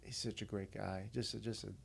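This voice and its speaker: A man's voice: on the low side, fairly even intonation, fairly quick, creaky, a little hiss or hum. A man who is a veteran and podcast guest, earnestly telling a story in a casual, conversational way. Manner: earnest, conversational, retells dialogue.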